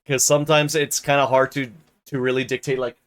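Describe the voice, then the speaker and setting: A man's voice: medium pitch, flat delivery, a little fast, clear, resonant tone. A young man chatting casually on a live reading stream, rambling with many restarts. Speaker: streamer narrating a novel.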